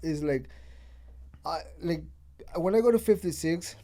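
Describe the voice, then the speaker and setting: A man's voice: a little high, a little slow, warm tone. A man hosting a podcast, telling stories in casual chat, swearing freely and acting out what people said. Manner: swears freely, acts out quotes. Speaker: podcast host.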